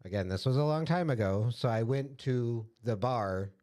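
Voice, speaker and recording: A young adult man, a podcast co-host, telling a story in a relaxed, casual way with lots of fillers. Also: medium pitch, normal speed. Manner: laid-back storytelling with fillers. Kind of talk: casual chat.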